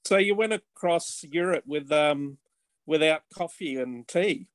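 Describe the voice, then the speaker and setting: A man hosts a video chat, asking his questions haltingly as he hunts for words. His voice sits a little high and sounds dry, close and dead. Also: dry recording. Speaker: host. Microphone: video call.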